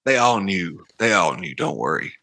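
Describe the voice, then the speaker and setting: A man's voice: sits low, moderate pace. A man co-hosting a podcast, telling stories in a casual chat and acting out the lines of the people he quotes. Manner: animated, acts out quoted dialogue. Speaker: podcast co-host.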